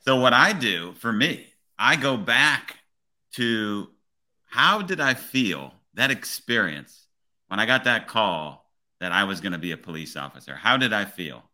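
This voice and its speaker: A police officer hosting a podcast, talking in an earnest, motivational way and often checking in with "right?". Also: male voice, lowish voice, lively intonation, measured pace, sharp tone. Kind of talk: casual podcast conversation.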